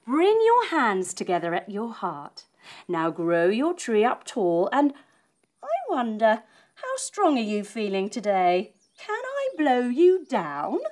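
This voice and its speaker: A woman's voice: medium pitch, darkish tone. A woman leading a children's yoga lesson as a story, playful and encouraging. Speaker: kids yoga teacher.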